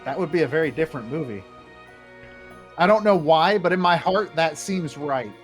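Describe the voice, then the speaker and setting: A man's voice: fairly high pitch, lively intonation, moderate pace, soft background music. A man streaming a game, giving casual, sarcastic commentary and swearing freely as he talks over the cutscenes. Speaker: let's-play streamer.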